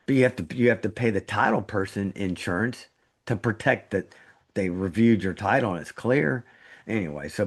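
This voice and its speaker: A middle-aged man, a surgeon co-hosting a podcast, telling a story in casual chat, his voice jumping up when he gets indignant. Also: low voice. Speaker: trauma surgeon, podcast co-host.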